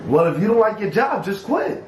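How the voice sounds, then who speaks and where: A woman playing a rude, impatient male fast-food customer who makes curt demands, in a comedy skit. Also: mid-range voice, big pitch swings, darkish tone, reverberant, a little hiss or hum, natural voice, poor audio. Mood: demanding.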